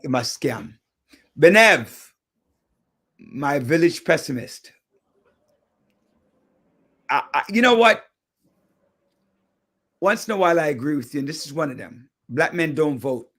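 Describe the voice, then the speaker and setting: A man's voice: fairly high pitch, animated, measured pace, long pauses, a bit bright. A man hosting a radio talk show in a studio, chatting casually and airing his opinions as he thinks aloud.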